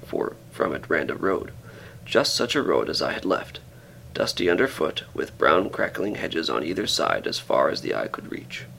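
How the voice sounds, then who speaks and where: Gravelly low-voiced male storyteller. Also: a bit bright, slight background noise, poor audio. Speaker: audiobook reader. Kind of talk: scripted narration of a classic story.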